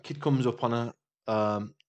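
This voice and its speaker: A young man talks through an anecdote on a casual podcast. His voice sits at an ordinary middle pitch, and he curses freely, picking up speed in the tense moments. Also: measured pace, dull audio. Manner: swearing storyteller, speeds up when excited. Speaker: podcast co-host. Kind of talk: casual chat.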